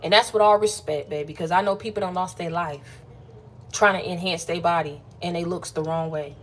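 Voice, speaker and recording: A woman's voice: on the low side, steady tone, a little fast. A woman hosting a casual late-night livestream pep talk. She sounds playful and chatty and keeps calling her listeners "baby" and "y'all". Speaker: motivational livestream host.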